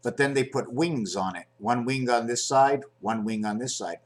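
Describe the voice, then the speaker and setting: A man's voice: mid-range voice, normal speed. A man talking in a casual, digressive monologue, hopping between numbers and ideas while handling objects on camera. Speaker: video blogger.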